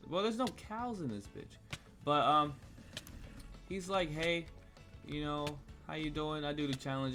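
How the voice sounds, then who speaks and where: With a bright, forceful, medium-pitched voice, a young American vlogger plays a game while launching into a heated, meandering storytime rant full of profanity. Cello music sounds faintly in the background.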